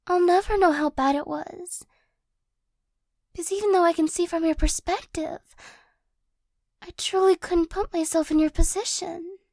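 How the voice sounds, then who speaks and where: A woman in an ASMR role-play voicing a remorseful young ex-girlfriend who apologizes in a hesitant, halting way with nervous little laughs. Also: very high-pitched, fairly even intonation, darkish tone, no room sound. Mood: apologetic.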